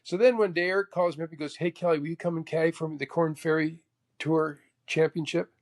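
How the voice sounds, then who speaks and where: A man in his sixties from Canada, a guest telling animated anecdotes and acting out both sides of old conversations. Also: on the high side, quick pace. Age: 60s. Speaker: guest, golf professional. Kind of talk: casual storytelling chat.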